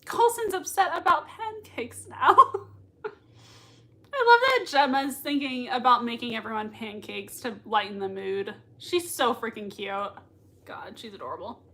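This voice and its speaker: Bright-voiced, gushing woman reacting live. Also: a little high, a little slow. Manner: gushing and excitable, laughs often. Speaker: livestream reaction host. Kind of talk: live watch-party reaction, reading chat.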